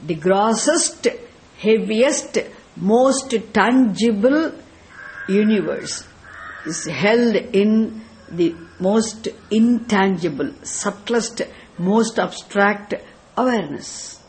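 Speaking extremely slowly in an expressive, darkish mid-range voice, a South Indian woman from Tamil Nadu lectures on scripture as a spiritual teacher, her accent distinctly South Indian. Along the way she asks her listeners rhetorical questions about Sanskrit terms.

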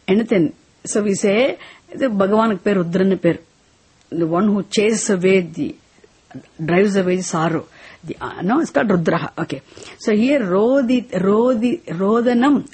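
A woman giving a spiritual text class, explaining word meanings slowly and having students repeat each word after her. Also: medium pitch, darkish tone, breathy edge. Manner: slow, repetitive teaching, has students repeat words. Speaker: teacher.

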